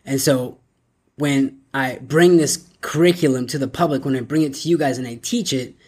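A man hosting his own podcast, talking solo in an upbeat, energetic way and often tagging lines with "right?". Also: mid-range voice, normal speed, slightly rough. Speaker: podcast host. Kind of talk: solo motivational podcast talk.

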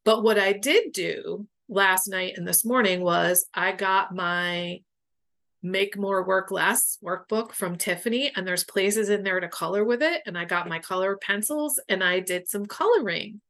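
A woman's voice: medium pitch, unhurried, a bit bright. A woman guest and boundaries coach telling personal stories in a frank, emotional way, swearing freely. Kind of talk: candid conversational storytelling.

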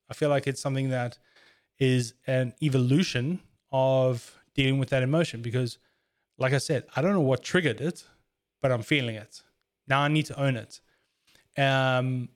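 A man chatting casually in an earnest, reflective way, telling stories about handling his own emotions. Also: mid-range voice. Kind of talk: casual chat.

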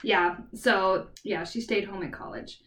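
A woman's voice: mid-range voice, a little slow, far from the mic. A woman co-hosting a book podcast who retells a plot casually, with lots of "like". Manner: animated retelling, heavy use of "like". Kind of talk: casual chat. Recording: roomy echo, away from the mic.

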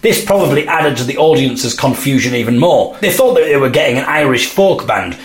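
A man's voice: mid-range voice, a little fast, a little hiss or hum. Wry male storyteller. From England. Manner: wry, deadpan asides. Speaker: podcast host. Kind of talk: scripted comic narration.

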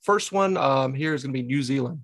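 A man hosting a fan podcast, upbeat and energetic, laughing often. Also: mid-range voice, fairly quick. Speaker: podcast host. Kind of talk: casual talk show.

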